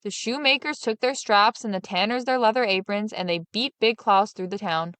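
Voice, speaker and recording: A woman narrating a fairy tale in a steady, even storyteller's voice of middle pitch. The recording is dry and close. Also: normal speed, smooth, dry recording.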